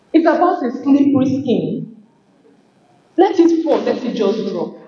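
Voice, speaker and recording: A woman giving an animated motivational talk at a conference, often acting out workplace exchanges. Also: fairly high pitch, slight background noise. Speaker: conference speaker. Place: conference hall. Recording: very echoey hall, dull sound.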